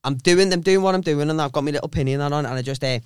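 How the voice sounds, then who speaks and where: A young man, co-hosting a podcast and telling a story in casual, animated banter. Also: on the high side, rapid-fire, clear, resonant tone, no echo, clean studio sound. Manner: animated, swearing, laughs often. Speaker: podcast co-host.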